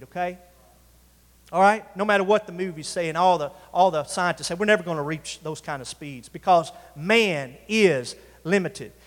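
Preaching to his congregation, a pastor speaks in a high-sitting, somewhat bright voice. He drags out key words and calls for answers from the pews, all captured in the echoing space of a church sanctuary.

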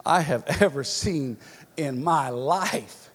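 A rude male parrot trading insults in a sermon joke, voiced by a man telling the story. He sounds blunt and mocking, spoken a little lower than a normal talking voice. The sound carries a long, echoing church-hall reverb. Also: takes it slowly, husky. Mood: insulting. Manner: blunt, mocking, breaking into laughter.

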